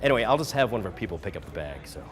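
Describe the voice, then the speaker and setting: Brief: sketch actor, low and expressive voice, awkward charm, music bed underneath. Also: male voice, racing. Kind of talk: comedy sketch acting.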